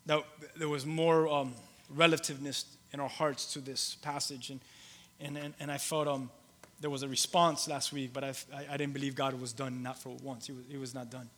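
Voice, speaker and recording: In a flat delivery, a male pastor gives a sermon that moves from loud emphasis to soft, low storytelling. His speech has halting restarts and repeated phrases, and the sound echoes with long hall reverb.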